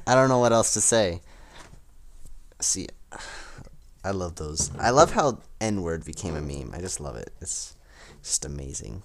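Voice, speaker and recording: A man hosting a solo podcast, rambling casually with lots of fillers and quick laughing asides. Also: deep voice, lively intonation, gravelly. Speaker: podcast host.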